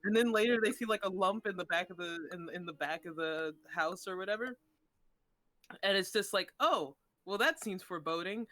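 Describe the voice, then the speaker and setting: A woman's voice: fairly low pitch, brisk, fairly bright tone, no room sound, faint music behind. A woman in casual chat, retelling a tabletop game session with many fillers and restarts.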